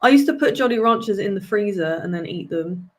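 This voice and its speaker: A woman's voice: mid-range voice, lively intonation, fairly quick. A British woman talking as a podcast guest in a casual, chatty and self-deprecating way. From Britain. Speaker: podcast guest, wrestling manager. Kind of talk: casual chat.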